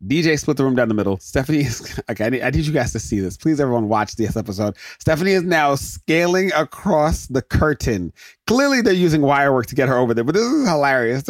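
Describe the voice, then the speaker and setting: An animated man with an ordinary middle pitch runs through a sitcom episode as a comic recap, laughing and dropping into quick mock voices for the characters. His voice sits close and dry on the mic, with no room sound around it. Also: no room sound. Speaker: podcast host.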